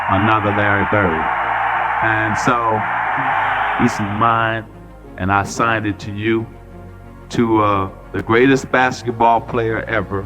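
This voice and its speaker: A man giving an animated storytelling speech as a retired player paying tribute, stretching words out for emphasis. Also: on the low side, lo-fi sound. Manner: lively, drawn-out emphasis, jokes with the crowd. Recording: archive clip with faint music behind.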